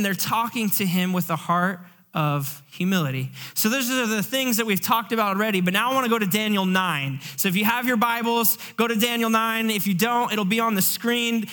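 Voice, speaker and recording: A pastor delivers a sermon in a high, light voice. His manner is earnest and conversational, with plenty of fillers. He slips into acted asides to make his points. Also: fairly bright tone.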